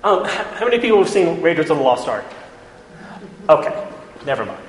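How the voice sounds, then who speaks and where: Very animated and brisk, a man with a voice on the high side lectures informally in an echoey hall, faint room noise behind him. He chats along, checking in often with "right?"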